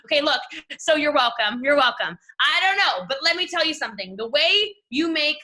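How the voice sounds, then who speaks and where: Brief: high-pitched Southern woman, bright tone, gushing team-leadership pep talk from home. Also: normal speed. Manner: animated, gushing, talks straight to listeners. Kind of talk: energetic motivational talk on a call. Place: at home desk. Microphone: video call.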